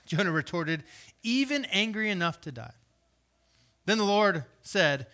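A man preaching a sermon, reading scripture aloud and voicing questions, swinging from loud emphasis to hushed, low delivery. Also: animated, measured pace, pauses often. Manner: reads scripture aloud and voices imagined questions. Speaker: pastor.

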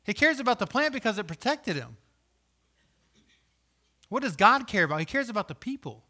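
Bright-voiced man preaching with dynamic swings. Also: very animated, normal speed. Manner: dynamic, swings from loud emphasis to hushed low delivery; reads scripture aloud and voices imagined questions. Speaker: pastor. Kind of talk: sermon.

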